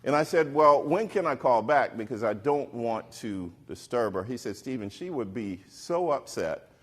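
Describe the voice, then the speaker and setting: A middle-aged man on stage telling a personal story to an audience, animated and acting out the voices of the people he quotes. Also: mid-range voice, normal speed, husky. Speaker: keynote speaker. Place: stage before a live audience.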